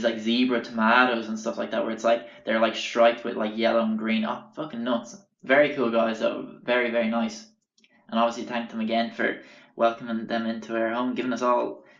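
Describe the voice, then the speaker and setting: A man's voice: medium pitch, completely flat delivery, fairly quick, fairly bright tone. A young man hosting a podcast, telling a casual story in a rambling, profane way full of fillers. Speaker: podcast host. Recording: roomy, slightly dull recording.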